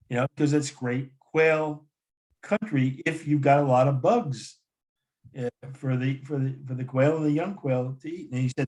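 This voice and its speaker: A man's voice: medium pitch, normal speed, a little mellow. A man telling a story as a guest in a casual conversation, rambling with many restarts and quoted dialogue. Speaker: coffee company founder as guest.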